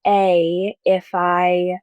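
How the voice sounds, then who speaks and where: Young woman guest, lowish pitch, dry close sound, hesitant with many fillers. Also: little pitch movement, drawn-out words, smooth, dry recording. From Mormon-majority town in the US. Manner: soft, hesitant, many likes and restarts. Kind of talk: personal storytelling interview.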